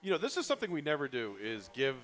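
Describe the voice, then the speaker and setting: A man's voice: on the high side, huge pitch swings, fast talker, fairly bright tone. A man giving play-by-play for a live kart race with a joking, easygoing manner.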